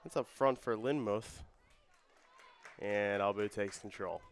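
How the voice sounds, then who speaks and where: A young man doing play-by-play for a student soccer broadcast. His voice climbs and quickens as the attacks build. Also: fairly low pitch, a faint crowd. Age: young adult. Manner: rises and speeds up with the action. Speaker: play-by-play commentator. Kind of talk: student sports commentary.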